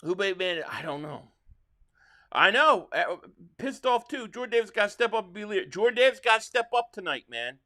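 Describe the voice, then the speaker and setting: A man's voice: high-pitched, lively intonation, normal speed, pushed and bright. A man hosting a live football reaction stream, rambling with frustration and reading out viewer messages. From Philadelphia area. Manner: frustrated, rambling fan talk reading super chats. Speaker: livestream reaction host.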